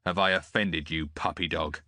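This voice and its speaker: A man voicing a hard, wounded warrior in an audiobook, speaking in a harsh, cold, slow way. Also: low-pitched, fairly even intonation, bright, forceful tone, dry recording. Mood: menacing.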